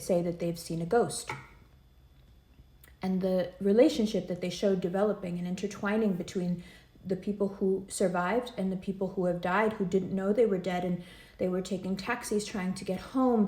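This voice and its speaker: A woman's voice: medium pitch, mellow, reverberant. A woman giving a casual, earnest tarot reading, emotional and rambling as she talks straight to the listener. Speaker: tarot reader.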